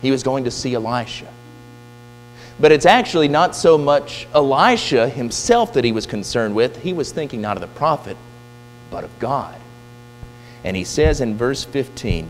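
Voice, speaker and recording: Male preacher, mid-pitched, lively intonation; retells scripture with voiced quotes, church hall echo. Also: normal speed, faint music behind. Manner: animated storytelling, voicing quoted figures. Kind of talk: sermon retelling a Bible story. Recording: distant reverberant hall with faint hum.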